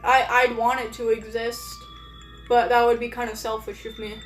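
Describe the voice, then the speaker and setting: A woman's voice: on the high side, level tone, moderate pace, faint music behind. Rambling streamer woman, echoey room. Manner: rambling, many fillers and restarts. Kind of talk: casual live-stream chat.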